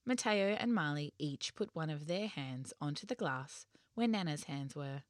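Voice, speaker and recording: A woman narrating a children's story in an expressive, lively way. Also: deep voice, normal speed, hardly any pauses, no room sound, clean studio sound.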